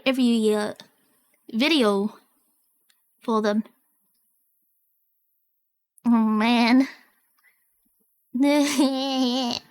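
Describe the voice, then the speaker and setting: High pitched girl streamer, slow chatty reacting, gets excited, repeats herself a lot. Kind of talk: casual reaction stream chat.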